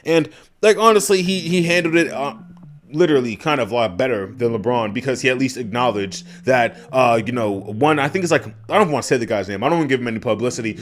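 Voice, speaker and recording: A man casually reviewing a wrestling show on his own, swearing freely, talking to his chat and breaking into loud yelled asides. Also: mid-range voice. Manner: animated, profane, addresses chat, bursts into loud yelled asides. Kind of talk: casual solo review rant.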